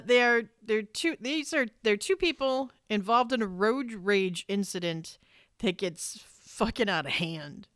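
A woman co-hosts a podcast in loose, casual chat, with a smooth, clear voice recorded close and dry. She talks animatedly and swears freely, and she acts out her own exasperated reactions. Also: mid-range voice, fairly bright tone, dry recording. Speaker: podcast co-host.

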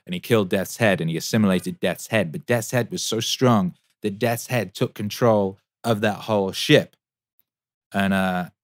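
Fielding questions from chat on a relaxed livestream, this thirty-something musician and host speaks in a lowish voice at normal speed. He's enthusiastic, wanders off topic, curses openly and fills gaps with fillers, all captured in dry, close audio without any room echo.

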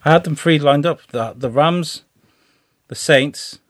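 A man's voice: a little high, a little slow, dry recording. Rambling man, dry mic. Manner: rambling, swears, laughs often. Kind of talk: casual podcast chat.

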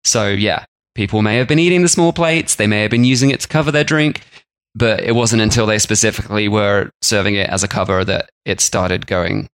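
A man's voice: on the low side, a little fast, fairly bright tone. Chatty Australian man co-hosting a podcast. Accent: Australian with a slight English tinge. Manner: chatty, jokey, rising into exaggerated mock outrage. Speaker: podcast co-host. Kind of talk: casual chat.

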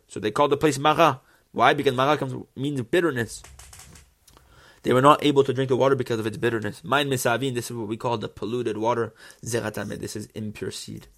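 A man teaching a religious text lesson who reads Hebrew phrases, translates each, and answers his own rhetorical questions. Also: mid-range voice. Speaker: Torah teacher.

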